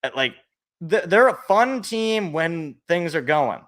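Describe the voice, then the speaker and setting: A man hosting a casual sports podcast, talking in an animated, jokey way and thinking aloud. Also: a little high, slow. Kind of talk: casual chat.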